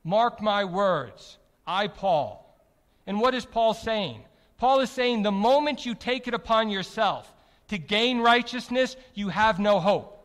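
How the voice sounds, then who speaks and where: Man, sermon, high-pitched, rhetorical questions, loud-to-soft swings, echoing hall. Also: measured pace. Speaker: preacher. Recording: reverberant hall.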